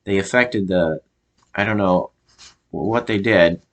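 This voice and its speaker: A low-voiced man from the United States gives a casual, unscripted review of a show in a relaxed monologue. He often stalls, repeats himself, and stops to search for the right word before going on.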